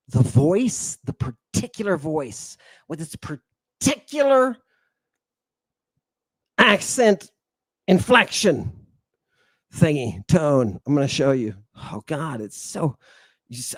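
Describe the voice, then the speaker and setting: Theatrical man lecturing, high voice, slow. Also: darkish tone, dry recording. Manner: theatrical, sighing, swings from booming to muttered asides. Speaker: host. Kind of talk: animated lecture to an online audience.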